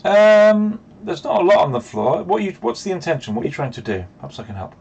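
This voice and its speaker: A man's voice: high voice, very animated, fast talker, gravelly, a little mellow, dull audio. A man acting as game master for an online tabletop game, narrating with playful asides. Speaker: dungeon master. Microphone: video call.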